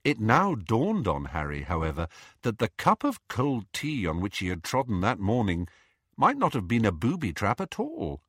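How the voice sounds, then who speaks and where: A man narrating a storybook in a theatrical, highly expressive reading. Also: moderate pace, breathy edge, no echo, studio quality. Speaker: audiobook narrator.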